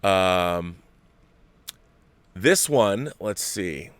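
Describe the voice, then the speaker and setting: A man's voice: low voice, animated, very slow, fairly bright tone, smooth, no echo. A man in his forties hosting a casual livestream, reading viewer letters and answering them in a rambling, self-correcting way. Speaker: host.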